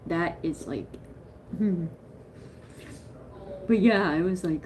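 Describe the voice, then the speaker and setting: A woman chatting on a live stream in a rambling, excitable way, greeting viewers as she talks. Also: on the low side, takes it slowly, background noise. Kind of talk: casual live-stream chat.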